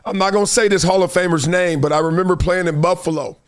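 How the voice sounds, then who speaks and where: A middle-aged man hosts a live sports talk stream in a high, bright register. He tells stories with emphatic energy and acts out the voices of people he quotes. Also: fairly even intonation, fast. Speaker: host.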